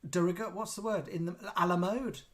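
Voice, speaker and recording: A man's voice: high voice, fairly even intonation, a little fast. A man hosting a casual live chat show, reading out viewer comments in a chatty way. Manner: chatty, warm-hearted, reads out messages. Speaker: host.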